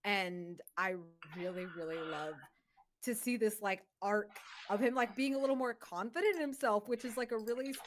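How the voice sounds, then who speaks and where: A woman player in a tabletop game, gushing and rambling fast with many fillers in a casual post-game chat. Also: medium pitch, a little hiss or hum.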